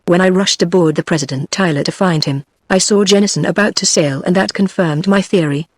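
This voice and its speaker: A woman's voice: lowish voice, a little fast, dry recording, studio quality, lightly acted. A text-to-speech woman's voice with a British accent reading the lines of an eager young man who cracked a case. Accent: British English.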